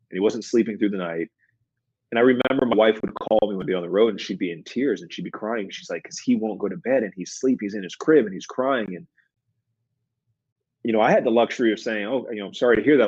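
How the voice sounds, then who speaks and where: Husky middle-aged man, low voice, earnest interview guest, slightly muffled dry recording. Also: a little mellow, no echo. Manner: earnest, reflective, repeats phrases for emphasis. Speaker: guest, former pro basketball player and mindset coach. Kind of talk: conversational interview storytelling.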